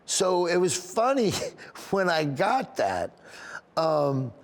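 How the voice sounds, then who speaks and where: This comedian speaks slowly in a fairly high, sing-song voice as he earnestly recounts a story during an interview. His telling wanders with frequent restarts, and he doesn't hide his emotion.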